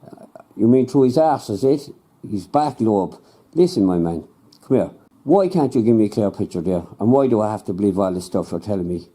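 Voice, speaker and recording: A man's voice: lowish voice, expressive, brisk, warm tone. A man playing a blunt, suspicious, grumbling male angler in a comedy sketch. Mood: skeptical. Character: grumpy, skeptical male angler, blunt Irish everyman. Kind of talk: comedy sketch, improvised two-hander.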